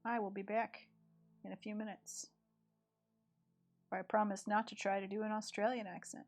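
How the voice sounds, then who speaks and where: A woman with a rural East Tennessee accent chats casually and thinks aloud as she draws on a live stream. Her voice is medium in pitch with a flat delivery and a moderate pace. Faint music plays in the background.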